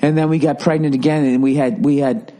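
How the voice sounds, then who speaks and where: A smug young mother of three, slow and drawn-out in a self-pitying sing-song, as a man mimics her in a comedy podcast. She stretches her words as if her life were the hardest going. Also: on the high side, steady tone, mellow, natural voice. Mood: complaining.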